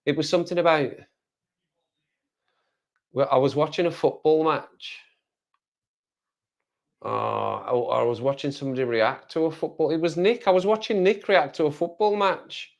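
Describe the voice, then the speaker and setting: A man's voice: a little high, moderate pace, vocal fry, long pauses, dull audio. A man from the West Midlands with a Black Country accent, chatting casually on a live stream and rambling as he answers viewer comments. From West Midlands, England. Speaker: livestreamer.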